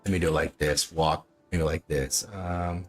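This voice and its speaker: A man's voice: a bass voice, steady tone, normal speed, faint music behind. A man hosting a livestream, chatting casually and repetitively with frequent chuckles. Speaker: livestream host.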